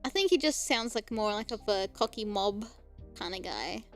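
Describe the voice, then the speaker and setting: A woman's voice: mid-range voice, expressive, normal speed, soft background music. A young Australian woman streamer chatting casually, giggling often and breaking into squealing laughter. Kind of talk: casual live-stream chat.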